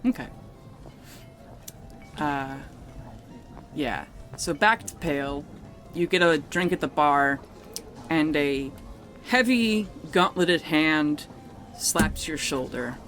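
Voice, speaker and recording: A man's voice: fairly high pitch, slow pace, pauses often, a bit bright, soft background music. A man narrating a tabletop game as game master, casual and rambling, swearing freely.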